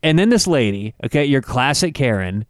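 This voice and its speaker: A young man co-hosting a casual podcast, telling a story in a lively, animated way. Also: mid-range voice, normal speed, clear, resonant tone, dry recording, clean studio sound. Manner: animated storyteller, acts out quotes. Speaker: podcast co-host. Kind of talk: casual chat.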